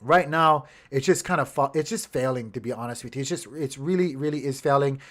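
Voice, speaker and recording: A man's voice: mid-range voice, brisk. A man hosting a casual livestream, rambling through charts, talking to his chat and muttering to himself when his gear acts up. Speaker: crypto livestream host.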